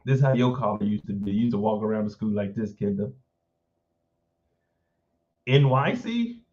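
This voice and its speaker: A man's voice: on the low side, expressive, moderate pace, darkish tone, highs cut off. A man from the Midwest hosting a casual live stream. He jokes, swears freely and often breaks into laughter. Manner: joking, profane, breaks into laughter.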